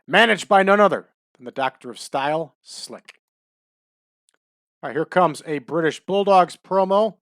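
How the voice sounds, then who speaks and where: A man giving relaxed, chatty commentary over a wrestling management game, adding trivia as he goes. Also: fairly high pitch, unhurried, no room sound, studio quality. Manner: laid-back, chatty, adds wrestling trivia.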